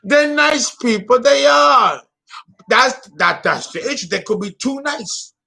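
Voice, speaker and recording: A man's voice: very high-pitched, expressive, slow pace, creaky, bright, forceful tone. A man in his fifties giving a theatrical, exclamatory solo astrology talk. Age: 50s. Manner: dramatic, exclamatory, laughing.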